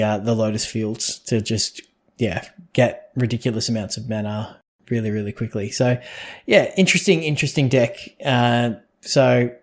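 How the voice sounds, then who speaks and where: A man co-hosting a casual podcast about a trading card game, talking in loose, rambling sentences full of fillers and restarts. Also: mid-range voice. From Australia or New Zealand. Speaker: podcast co-host.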